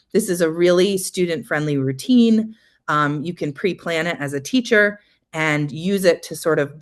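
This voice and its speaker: A young woman with a low voice walks teachers through a classroom routine in a webinar. She explains each step patiently and clearly, with frequent ums between points, speaking into a computer mic. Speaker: literacy coach presenting a webinar. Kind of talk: instructional webinar presentation.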